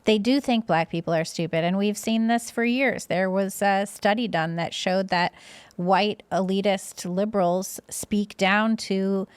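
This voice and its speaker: A woman's voice: mid-range voice, measured pace, clean tone, no room sound. A woman co-hosting a podcast, stating her views firmly and matter-of-factly. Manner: firm, matter-of-fact assertions. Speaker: co-host. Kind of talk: casual podcast talk.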